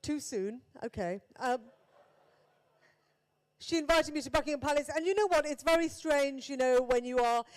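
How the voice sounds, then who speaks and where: A high-voiced woman comedian from England, with a Birmingham accent, performs a stand-up set. She's chatty and self-deprecating, tossing quick asides to the audience.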